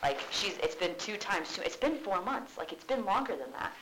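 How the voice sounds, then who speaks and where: A woman's voice: medium pitch, very animated, normal speed, a bit bright, slight background noise, low-quality recording. Chatty woman teacher explaining a play. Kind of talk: casual classroom explanation.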